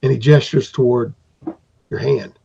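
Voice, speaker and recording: A man's voice: mid-range voice, measured pace, vocal fry, warm tone, breathy edge. A man acting as game master, narrating a tabletop game in a rambling, descriptive way on a dull lo-fi recording.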